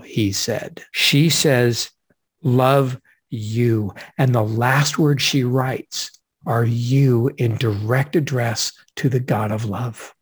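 A man, a guest author and speaker, in an enthusiastic literary discussion, stressing his points and slowing down to read quotations with weight. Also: mid-range voice, creaky, husky.

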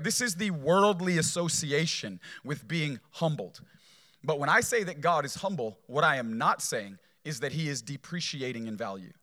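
A man delivers a sermon in a bright, forceful voice that sits a little above the usual male pitch. He preaches conversationally, checking in with the listener with "right?" and circling back over his key words for emphasis. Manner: conversational preaching, frequent "right?" tags, repeats phrases for emphasis. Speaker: pastor.

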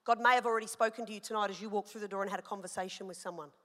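A woman pastor in her thirties preaching a sermon, animated and personal, telling stories with rising emphasis. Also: mid-range voice, rapid-fire. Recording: long hall reverb.

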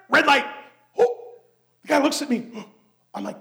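A man from Canada preaching and telling a story in an animated way, often laughing and shouting. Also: extremely high pitch, fairly quick, creaky. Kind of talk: sermon storytelling.

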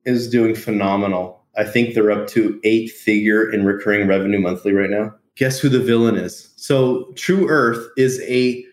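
A man being interviewed about his business, telling lively stories, acting out quotes and laughing often. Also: on the low side, normal speed, few pauses. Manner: animated storyteller, laughs often, acts out quotes. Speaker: podcast guest, entrepreneur. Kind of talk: casual interview storytelling. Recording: roomy echo.

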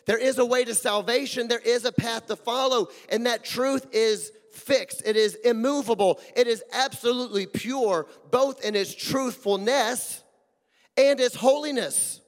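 Male pastor, high voice, emphatic sermon delivery, long hall reverb. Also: unhurried. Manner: emphatic, rhetorical questions, swings between loud and hushed.

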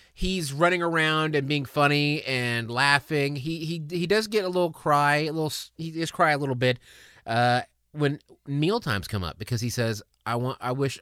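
A man in his thirties, a podcast host, telling a personal story in an earnest, emotional, halting way. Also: medium pitch, sharp tone, dry recording, studio quality.

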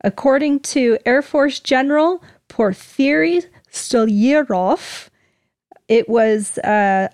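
A woman's voice: high voice, takes it slowly, darkish tone, no echo, studio quality. A woman co-hosting a podcast, reading her notes in a casual, good-humored way. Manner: good-humored, laughs easily. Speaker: podcast co-host.

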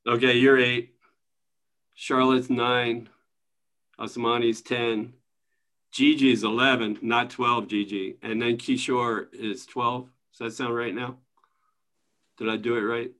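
Guy running an online study group on a video call, laid back, chuckly, mid pitch. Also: takes it slowly, pauses often. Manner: relaxed, chuckling, conversational. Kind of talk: casual spiritual teaching.

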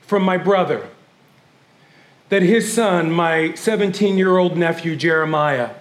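A man preaching as pastor, emotional, calling his congregation family and swinging from hushed grief to shouted praise. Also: a little high, measured pace, roomy sound. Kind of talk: sermon. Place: church sanctuary.

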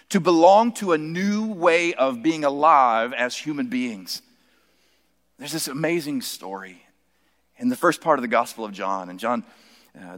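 A male preacher giving a sermon, telling stories and dropping to soft, emphatic quotes. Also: a little high. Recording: long reverb from a large hall.

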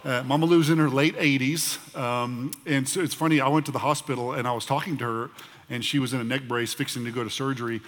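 This middle-aged pastor reads church announcements quickly, his medium-pitched voice steady and a bit bright. He's conversational, frequently using fillers and starting sentences over, with the long reverb of a large auditorium around him.

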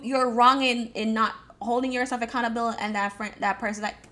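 A woman's voice: on the high side, fairly even intonation, a little fast, sharp tone. A woman from Jamaica coaching her listeners on goals and budgeting in a loose, encouraging way. She stumbles and restarts, doubles words and leans on "um" and "you know" as she goes. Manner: repeats words, frequent fillers and restarts; encouraging, addresses listeners directly. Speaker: speaker giving advice on goal setting. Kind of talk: casual motivational talk.

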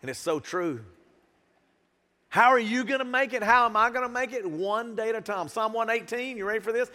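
A male pastor preaching a sermon to a live congregation. He swings between hushed and loud moments and calls out to the crowd. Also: high-pitched, expressive, fairly quick, big-room sound. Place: church sanctuary with a live congregation.

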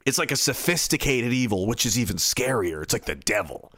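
A man ranting in a profane comedic style, excitable and mocking as he swears his way through the bit. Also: mid-range voice, brisk.

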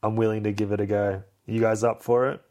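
A man's voice: fairly low pitch, flat delivery, fairly quick, darkish tone. A young man, hosting a podcast and recapping a film in a rambling, self-mocking way. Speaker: podcast host. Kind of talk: casual chat recapping a film.

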